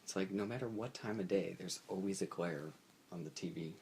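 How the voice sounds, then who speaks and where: A man's voice: sits low, brisk, gravelly, a little mellow, slight background noise. A young adult man co-hosting a podcast in casual chat, laid-back and hesitant, searching for his words. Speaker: podcast co-host.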